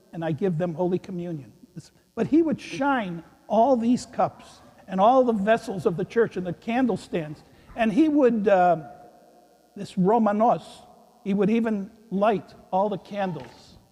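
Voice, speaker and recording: A man, a priest, giving a gentle children's sermon in a church, telling a story and chuckling with the kids. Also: sits high. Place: large church. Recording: echoey church hall.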